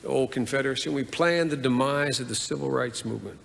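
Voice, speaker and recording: A man doing the voice of a gruff, fatherly old Southern senator who talks in a slow, repetitive drawl. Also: mid-range voice, fairly bright tone. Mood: solemn. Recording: long hall reverb, faint noise.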